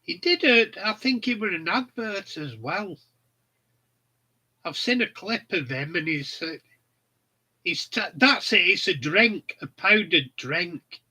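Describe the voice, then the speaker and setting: A man's voice: high voice, expressive, slow, pushed and bright, husky, rough recording. A middle-aged man, chatting casually and bluntly, rambling through funny stories. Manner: rambling, blunt, laughs at his own stories. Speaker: channel host. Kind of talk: casual chat.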